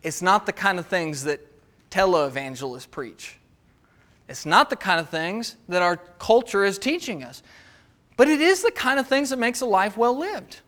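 A male pastor delivers a sermon in a very high, bright voice. He keeps turning to the congregation with rhetorical questions and slips into the voices of the people he quotes. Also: animated, normal speed.

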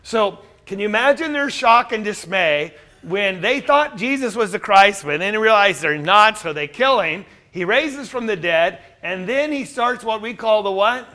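Bright, high-voiced male Bible teacher. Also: expressive, normal speed, hardly any pauses. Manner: asks the class questions and answers them himself. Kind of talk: interactive Bible class teaching.

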